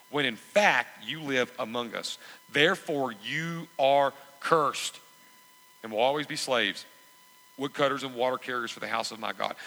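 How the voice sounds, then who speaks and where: A man preaching a sermon, emphatic and repetitive, swelling into loud exhortations. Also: mid-range voice, big-room sound, low-quality recording. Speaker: pastor.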